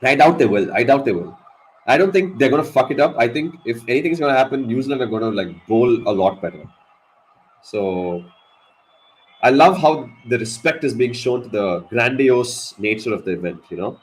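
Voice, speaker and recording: A man giving live ball-by-ball cricket commentary on a watch-along stream, excitable and swearing at big moments. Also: mid-range voice, moderate pace, rough recording. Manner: excitable, swears, animated reactions.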